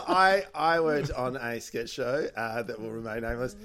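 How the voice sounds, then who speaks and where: A man's voice: medium pitch, expressive, unhurried, crowd noise. A male comedian guest, laughing and stammering through a story.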